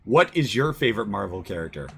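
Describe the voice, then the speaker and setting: A man hosting a casual online group chat, animated and laughing as he leads the talk. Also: on the low side, fast, vocal fry, background noise. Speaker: stream host.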